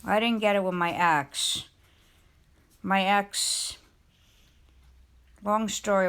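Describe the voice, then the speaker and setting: A woman's voice: medium pitch, fairly even intonation, slow pace, pauses often, a bit bright, smooth. A middle-aged woman live streamer chatting casually, telling a rambling, emotional personal story in a confiding way.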